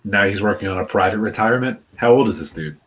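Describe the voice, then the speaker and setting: Laid-back low-voiced man chatting casually. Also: fast talker, fairly bright tone, slight background noise. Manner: laid-back, chatty, lots of fillers and laughter. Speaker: podcast co-host. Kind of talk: casual chat.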